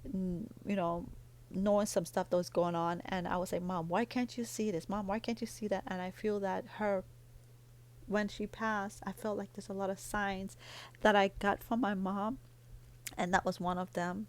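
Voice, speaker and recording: A woman's voice: mid-range voice, little pitch movement, moderate pace. A middle-aged woman vlogging in a casual, rambling way, telling a heartfelt family story while doing her nails.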